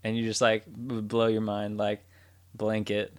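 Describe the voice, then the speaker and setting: A man's voice: lowish voice, completely flat delivery, measured pace, clear, resonant tone. A man co-hosting a podcast, chatting casually with playful, absurd jokes and frequent laughter. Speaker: podcast co-host. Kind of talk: casual joking chat.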